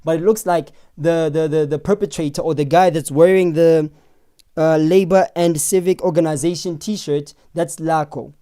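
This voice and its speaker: A man hosting a live stream, giving excitable, chatty commentary on video footage and often breaking off to pause it. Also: on the high side, clear, resonant tone. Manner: excitable, chatty, keeps saying "hold on".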